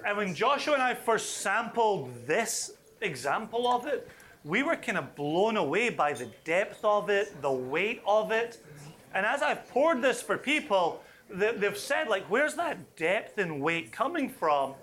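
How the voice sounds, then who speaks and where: A man leading a whisky tasting for a live audience, chatty and enthusiastic with quick asides. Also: high-pitched, big pitch swings, a bit bright.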